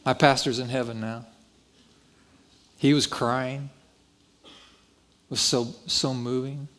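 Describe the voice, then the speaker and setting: A slow-speaking pastor with a medium-pitched, steady, fairly bright male voice shares a story in his sermon. It's folksy and self-deprecating, and he performs the dialogue.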